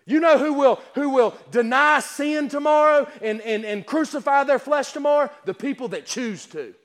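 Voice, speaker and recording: High-voiced man preaching in an echoey hall. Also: moderate pace. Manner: emphatic, repetitive rhetorical questions; stammering restarts. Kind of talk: sermon. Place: church service.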